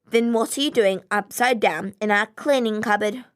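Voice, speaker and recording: A prim little goby fish with a posh, sniffy way of talking, as a woman reads her. The voice sits very high and bright, clipped and looking down on everyone. A storybook creature full of disdain. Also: moderate pace, clear, resonant tone, natural voice. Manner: haughty, disdainful.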